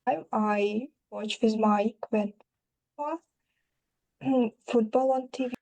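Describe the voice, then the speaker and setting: Non-native female candidate, slow halting answers, mellow raised voice, video call. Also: a little high, fairly even intonation, creaky, poor audio. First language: not English. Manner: hesitant, halting basic English. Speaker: IELTS candidate. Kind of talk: answering test questions.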